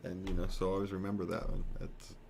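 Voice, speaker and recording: A man's voice: sits low, monotone, fast, vocal fry, a little mellow, a little hiss or hum. A man co-hosting a casual talk show, rambling and correcting himself, chuckling often. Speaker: podcast co-host. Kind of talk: casual chat.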